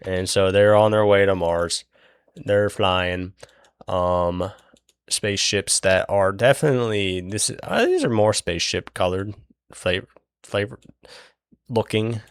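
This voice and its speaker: A man's voice: lowish voice, animated, a little slow, smooth, no echo, clean studio sound. A man casually recapping a book while he draws, rambling and swearing, with lots of fillers and restarts. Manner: acts out characters' lines in his retelling. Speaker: channel host recapping a book.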